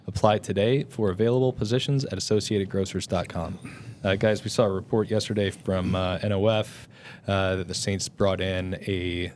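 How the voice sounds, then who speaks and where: A man hosting a casual sports podcast, talking in a halting way with many restarts and fillers. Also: deep voice, a little mellow, slight background noise. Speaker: podcast host.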